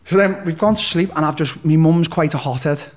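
A man's voice: a little high, a little fast. A man with a Liverpool accent, telling a personal story as an interview guest in a blunt, sweary, rambling way. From Liverpool, England. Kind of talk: casual storytelling.

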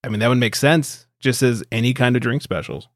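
A man's voice: medium pitch, a little fast, dry recording. Brief: male podcast host, thirties, easygoing and profane, dry close sound. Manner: laid-back, swears casually, laughs often. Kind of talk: casual chat.

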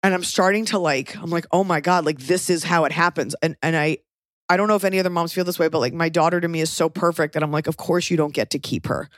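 A fast-talking woman with a fairly low pitch hosts a podcast in her thirties, spinning a rambling, foul-mouthed story full of fillers. Clean, dry studio sound.

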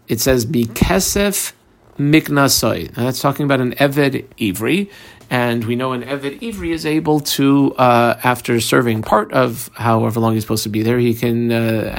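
A man's voice: mid-range voice, creaky. A man teaching a Talmud class, methodically walking through the page line by line and quoting the Aramaic text.

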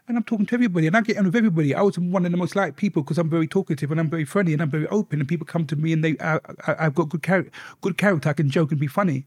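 A middle-aged man, a softly spoken interview guest telling his life story and swearing freely. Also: fairly high pitch, very fast, breathy edge, no echo, studio quality.

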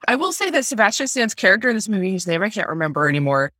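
A woman's voice: mid-range voice, very animated, very fast, bright, forceful tone, no echo, studio quality. A woman co-hosting a casual podcast, reviewing a bad movie in a wry, amused way. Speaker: podcast co-host.

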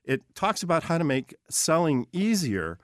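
A man's voice: fairly high pitch, big pitch swings, normal speed. A man hosting an interview, praising the book and asking enthusiastic questions. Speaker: host.

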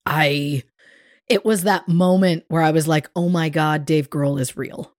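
Co-hosting a podcast, a woman with a low, unhurried voice chats casually and tells a lively story, doing the voices of the people she quotes. The audio is clean studio quality with no room sound.

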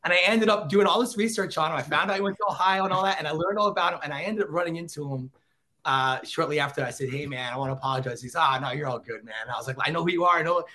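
Guy in his 30s telling stories on a podcast, bright and kinda high, acts out the quotes. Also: rapid-fire. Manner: animated, acts out quotes in voices. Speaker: guest, former celebrity cameraman. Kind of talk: casual storytelling.

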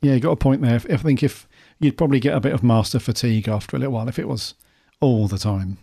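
A man's voice: medium pitch, fast, vocal fry, mellow, husky. A man co-hosting a podcast, chatting in a friendly, agreeable way. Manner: friendly, agreeable, says "mate". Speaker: podcast co-host. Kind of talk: casual fan chat.

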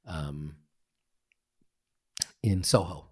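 A man guest on a podcast, telling a personal story in an earnest, halting way with many fillers and restarts. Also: low-pitched, a little mellow, husky. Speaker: guest, meditation teacher. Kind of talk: reflective storytelling. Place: podcast studio.

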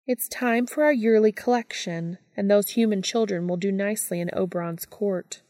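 A woman's voice: mid-range voice, normal speed, darkish tone, dry recording, studio quality, big-room sound, natural voice. A woman voicing a curt, haughty female fairy who poses as a prickly old neighbor, in a storybook reading. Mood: taunting.

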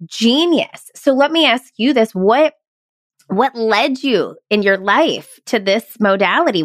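A woman's voice: medium pitch, no room sound. Enthusiastic woman podcast host. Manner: enthusiastic, effusive. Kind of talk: podcast interview.

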